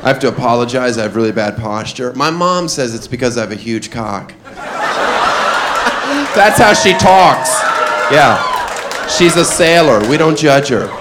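A man doing a stand-up comedy set, mostly deadpan one-liners broken by sudden loud shouted character voices. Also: mid-range voice, brisk, heavy background noise. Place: comedy club stage before a live audience. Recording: live club recording with loud crowd.

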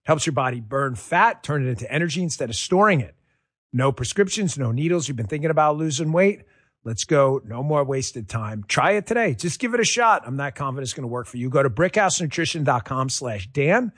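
A man doing a live sponsor read on the radio, energetic and casual. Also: a little fast, husky, dry recording, clean studio sound. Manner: pitchy, energetic, casual salesman tone.

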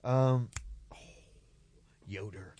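A man's voice: on the low side, mellow, dull audio, slight background noise. A man in a casual chat among friends, calling out who to impersonate next and laughing along. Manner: pushy, laughing, rapid-fire prompts. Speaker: game leader calling out impressions.

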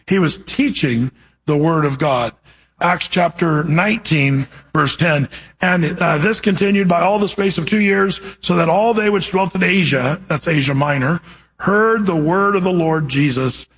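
A man preaching to his congregation in a high, husky voice. He reads scripture slowly and with weight, then breaks into direct, animated questions to the people in front of him. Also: poor audio. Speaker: pastor. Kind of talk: verse-by-verse sermon.

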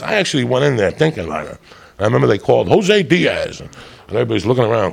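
A man doing stand-up, telling a loud, profane, rambunctious story to a live audience. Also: medium pitch, sing-song, fast talker, vocal fry. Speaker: stand-up comedian. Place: stage before a live audience.

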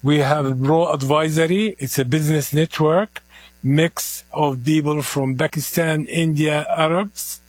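A man's voice: a little high, steady tone, a little slow, dry recording. A middle-aged man with a heavy Palestinian Arabic accent, speaking earnestly as an interview guest. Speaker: community organizer, guest. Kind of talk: interview at an event.

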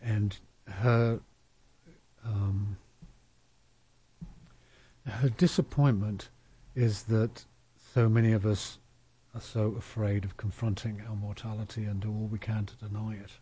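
A man hosting an interview, asking questions in a relaxed, gentle, unhurried way. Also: fairly low pitch, husky. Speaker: interview host. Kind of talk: conversational interview.

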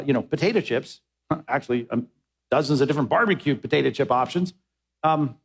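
Emphatic preacher with a higher voice. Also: male voice. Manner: emphatic, repeats words when pressing a point. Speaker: pastor. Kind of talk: sermon.

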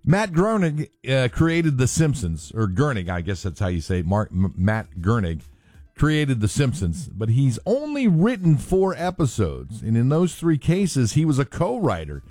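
A man's voice: medium pitch, big pitch swings, unhurried, warm tone, no echo. A male morning radio host reads quirky trivia and sponsor lines, his voice rising and falling with lots of life. He sounds dry and close on a studio mic, with faint music underneath. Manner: chatty, self-correcting on pronunciations. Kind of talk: casual radio banter. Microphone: studio microphone.

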